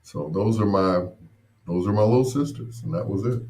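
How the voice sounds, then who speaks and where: A man's voice: fairly low pitch, moderate pace, a little mellow, a little hiss or hum. A man hosting a show, telling rambling personal stories with frequent laughs and restarts. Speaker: host. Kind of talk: casual storytelling.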